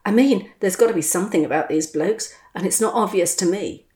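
A woman's voice: medium pitch, a little fast, natural voice. A woman voicing a blokey man. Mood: matey. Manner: blokey, slangy, lively. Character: Australian man, chatty expat, blunt. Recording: roomy echo.

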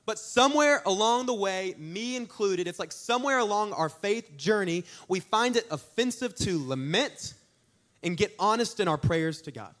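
Young guy preaching to his church, high voice, chatty and punchy, tells stories. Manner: conversational, storytelling preacher with lively emphasis. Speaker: youth pastor. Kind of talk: sermon.

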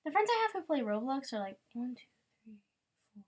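A young woman, rambling and bubbly as she chats casually over a game, breaking into sudden excited squeals. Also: high-pitched, a little fast, breathy edge. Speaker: gamer podcaster. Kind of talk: casual gameplay commentary.

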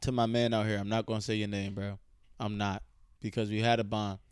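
A young man co-hosting a podcast, telling stories loudly and swearing a lot. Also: lowish voice, brisk, slight background noise. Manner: loud, animated storytelling, swears a lot. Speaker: podcast co-host. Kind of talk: casual chat.

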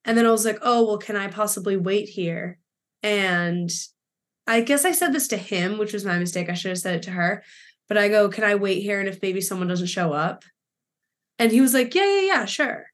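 A woman's voice: mid-range voice, a bit bright. A woman in her twenties co-hosting a podcast, telling a story in casual chat with lots of fillers and acted-out dialogue, emotional and close to tears. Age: 20s. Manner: rambling, filler-heavy retelling with quoted dialogue. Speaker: podcast co-host.

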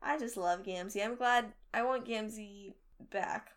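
A woman's voice: mid-range voice, unhurried. A young woman chatting casually with a friend, gushing and emotional, often laughing. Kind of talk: casual fan podcast chat.

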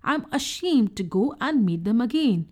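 A proud little boy rabbit from a children's storybook, talking fast and full of himself, as a woman reads him. The voice sits high. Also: big pitch swings, darkish tone. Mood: remorseful. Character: boastful young male rabbit, proud then humbled.

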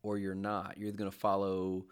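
A man hosts a ministry podcast and drives his point home with emphasis. His voice sits on the low side, and his delivery is firm and preachy. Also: completely flat delivery, a little fast, clear, resonant tone. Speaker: podcast host. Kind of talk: podcast interview.

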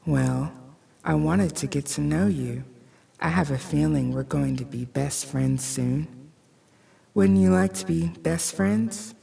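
A woman voicing a creepy female ventriloquist dummy in a horror story, speaking in a low, hissing whisper that turns sing-song and sweetly threatening. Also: slow pace, creaky, dark tone, heavily acted. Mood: eerie sweet.

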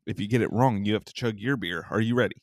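A man with a fairly low voice chats casually about sports, teasing his co-host and laughing often. His voice is recorded close and dry, with no room sound. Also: fast, dry recording. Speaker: podcast co-host.

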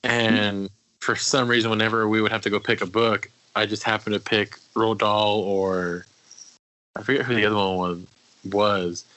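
A man co-hosting a casual podcast, talking in a measured, reflective way. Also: fairly low pitch, little pitch movement, sharp tone, rough recording. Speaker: podcast co-host.

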